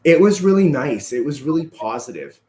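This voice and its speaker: A Canadian man with a mid-range voice speaks at normal speed in an echoey room. A martial arts instructor appearing as a podcast guest, he tells stories in a relaxed, conversational way, constantly tagging his sentences with "right?"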